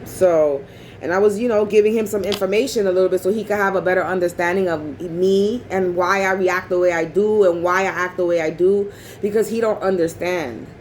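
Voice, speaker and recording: A woman's voice: lowish voice, steady tone, a little fast, darkish tone, slight background noise, poor audio. A woman vlogger in a rambling casual monologue, talking bluntly and profanely.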